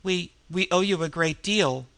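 A man voicing a shaken young woman who speaks haltingly with stammered restarts. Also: sits high, fairly bright tone, no room sound.

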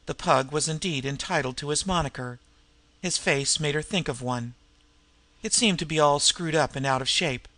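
A man narrating a novel in a measured, even storytelling manner. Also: on the high side, dry recording. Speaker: audiobook narrator. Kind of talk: scripted narration.

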